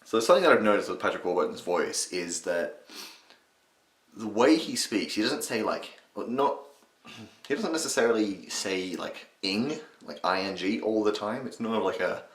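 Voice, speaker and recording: A young man talks through a casual tutorial in a low, deep voice. He rambles, swears and restarts his sentences, and the room around him echoes. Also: lively intonation, moderate pace. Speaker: channel host teaching impressions.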